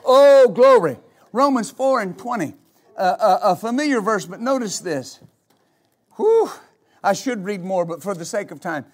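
A male pastor preaching a sermon, rising into repeated, shouted exhortations to his congregation. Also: high voice, animated, moderate pace. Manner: builds to shouted, repetitive exhortation.

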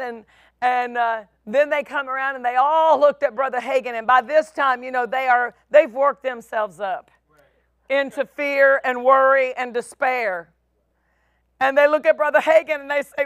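Her voice sits high as this middle-aged woman preaches, leaning into emphatic, lingering phrases and doing voices for the figures in her stories. There's no room sound, and the quality is studio-grade.

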